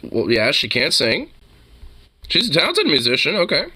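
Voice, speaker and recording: Bright, excitable man reacting. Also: fairly high pitch, moderate pace, breathy edge. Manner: excitable, profane, filler-heavy. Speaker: co-host reacting to videos. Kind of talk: casual reaction commentary.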